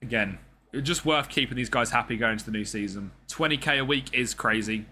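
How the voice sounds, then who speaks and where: A man streaming gameplay talks in a chatty, slangy way, commenting on the action and answering back to the on-screen characters. His mid-range voice runs a little fast and sounds pushed and bright. There's slight background noise.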